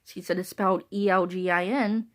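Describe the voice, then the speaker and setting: A woman's voice: on the low side, fairly even intonation, moderate pace. A woman talking casually to her viewers, rambling and repeating herself, with bursts of laughter between thoughts. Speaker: vlogger.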